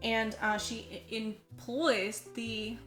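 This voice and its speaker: A woman retells a movie scene by scene in loose, chatty podcast talk, slipping into the characters' lines as she goes. Her voice is bright and sits fairly high. The room is echoey, with faint music playing underneath. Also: slow pace. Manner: animated storyteller, acts out quotes, says "like" a lot. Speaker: podcast co-host. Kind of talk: casual chat recapping a movie.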